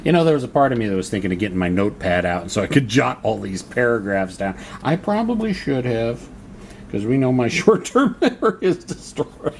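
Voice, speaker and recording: In a sing-song, medium-pitched voice, a man briskly mutters his way through a solo board wargame. He reads the rules aloud to himself and reasons through every turn, with slight background noise.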